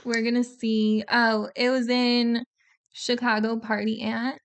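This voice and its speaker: A woman's voice: on the high side, level tone, slow pace. A woman co-hosting a music reaction video, chatting casually with lots of filler words. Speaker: co-host of a music reaction channel. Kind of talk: casual chat.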